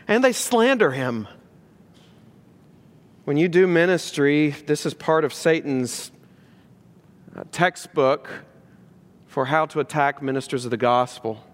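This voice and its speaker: A male pastor preaching a sermon, lively and emphatic, asking rhetorical questions and dropping low and earnest for serious points. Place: church sanctuary. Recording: long hall reverb in a church.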